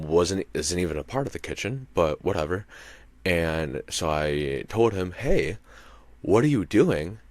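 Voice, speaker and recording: An extremely low-pitched man, a podcast host and comedian, tells a rambling, profane story in an easygoing monologue. He frequently checks in with "you know what I mean," and the recording has no echo.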